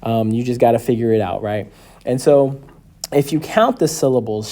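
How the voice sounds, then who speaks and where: A man in his thirties lectures a class, explaining patiently and often checking in with "okay?" or "right?" His voice is medium-pitched and warm, at a normal speed.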